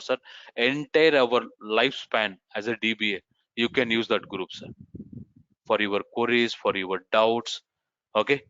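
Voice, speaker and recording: A man instructor leads an online class, answering questions and sprinkling sir and ma'am through his sentences. His tone is bright and forceful. The call audio sounds dry and dull. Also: mid-range voice, dry recording. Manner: addresses students as sir and ma'am constantly. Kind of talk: live class Q&A. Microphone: video call. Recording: muffled online meeting audio.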